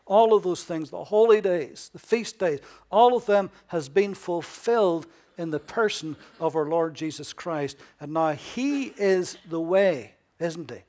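A man with a high-pitched voice delivers a sermon. He preaches emphatically, firing off rhetorical questions and swinging from loud declarations to hushed asides. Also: unhurried, hardly any pauses.

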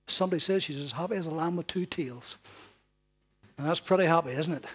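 A man preaches to his congregation in an easygoing, conversational sermon, checking in with tag questions as he goes. His voice sits fairly high for a man. Soft music plays faintly in the background. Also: a little fast, slightly rough. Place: church hall before a congregation.

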